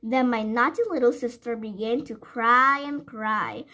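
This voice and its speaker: Woman storyteller, children's book read-aloud, high and very lively, breathy tone. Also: takes it slowly, rough recording. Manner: gentle, sing-song, asks listeners questions.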